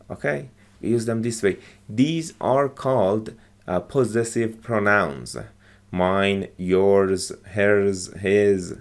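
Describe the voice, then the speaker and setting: A man explains English words and phrases from film clips in a slow, unhurried lesson. His voice sits on the lower side and carries a gravelly rasp. He speaks haltingly, with frequent fillers and restarts. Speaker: English teacher.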